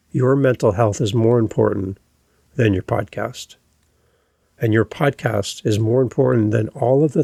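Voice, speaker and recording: A man hosts a solo podcast in a gravelly, slightly husky voice. He speaks earnestly and reassuringly, as if talking one to one with the listener. The recording is dry and close, with faint music underneath. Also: medium pitch, a little mellow, no echo. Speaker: podcast host.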